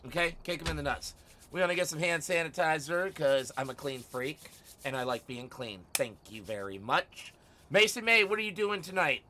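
A man live-streaming a game from home, chatting casually with viewers, teasing and swearing, often bursting out loudly. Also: fairly high pitch, a little hiss or hum. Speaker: livestreamer.

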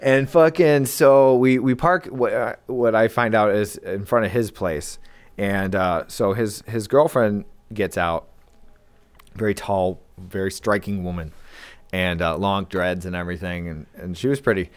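A man's voice: fairly low pitch, fairly even intonation, measured pace, clear, resonant tone. A man from upstate New York, co-hosting a podcast, tells a rambling story in casual chat with lots of fillers and swearing. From Lewiston, New York. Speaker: podcast co-host.

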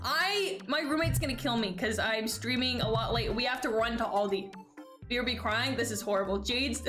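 A woman's voice: high voice, animated, fairly quick, fairly bright tone. A young woman streaming a video game, chatting playfully and dramatically with her chat and thanking followers. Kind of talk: casual live-stream chat while gaming. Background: faint game music.

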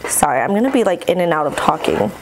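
Excitable woman chatting while she cooks, noisy kitchen sound. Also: lowish voice, quick pace, vocal fry. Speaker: mukbang vlogger. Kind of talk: casual vlog chat while cooking.

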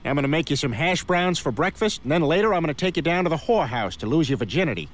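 An actor playing a bumbling, loudmouth middle-aged cartoon dad who rambles and stammers when flustered. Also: male voice, fairly high pitch, lively intonation, fast, lightly acted. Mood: cheerful. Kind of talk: animated cartoon acting.

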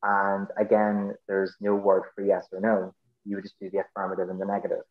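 Northern Irish man, low voice, roomy sound. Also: monotone, fairly quick, phone-quality sound. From Northern Ireland. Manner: explains patiently with many fillers and restarts. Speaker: podcast guest. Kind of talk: casual conversation.

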